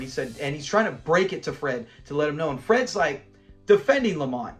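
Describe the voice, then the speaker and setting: A man's voice: a little high, big pitch swings, brisk, faint music behind. A man hosting a fan channel, chatting casually and animatedly as he recaps a classic sitcom episode, rambling and chuckling often. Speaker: fan commentary host.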